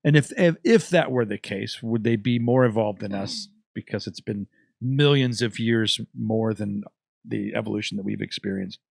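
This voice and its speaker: Man, podcast host, casual chat, halting, dry close sound. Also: on the low side, gravelly, darkish tone, no echo. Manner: musing, halting, many restarts.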